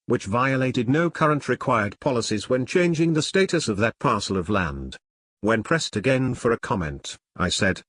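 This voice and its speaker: A man narrating his own novel in the first person, reading at a measured pace. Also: medium pitch, fairly bright tone, no echo, studio quality. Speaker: author and narrator. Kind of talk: audiobook narration.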